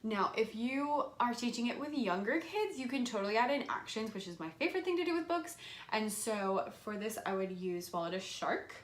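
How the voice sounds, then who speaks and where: A young woman teacher explains a rhythm lesson with lively enthusiasm. Her pitch leaps high and dips low as she acts out her classroom voice. The room around her is echoey. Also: normal speed. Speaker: elementary music teacher.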